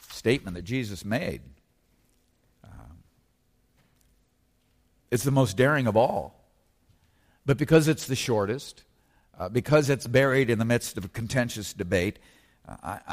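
A man preaching a sermon as pastor, slowing down and lifting his voice when he quotes scripture. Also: mid-range voice. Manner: emphatic preaching, slows and rises on scripture. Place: church sanctuary. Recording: long reverb of a church hall.

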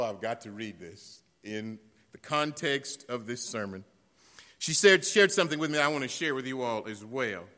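Bright-voiced pastor preaching in a hall. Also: male voice, medium pitch. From South Carolina. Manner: storytelling, building to loud emphatic refrains. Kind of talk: sermon. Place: church sanctuary.

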